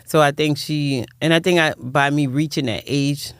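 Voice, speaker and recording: Older woman, gravelly voice, heartfelt and rambling, close dry mic. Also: low voice, fairly even intonation, moderate pace, no room sound. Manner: rambling, heartfelt, repeats words. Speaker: guest, nonprofit founder. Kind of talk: personal storytelling in interview.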